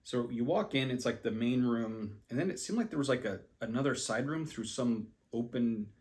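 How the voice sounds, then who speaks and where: A man's voice: mid-range voice, moderate pace, a little mellow. A man casually telling a personal travel story, rambling with many ums and restarts, self-deprecating about his skills. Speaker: language learner.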